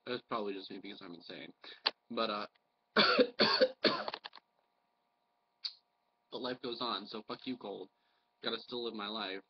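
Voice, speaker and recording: A man's voice: on the low side, wildly swooping pitch, a little slow, pauses often, muffled recording, slight background noise. A man with a cold, ranting bluntly and profanely in a casual, rambling vlog. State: has a cold. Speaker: vlogger.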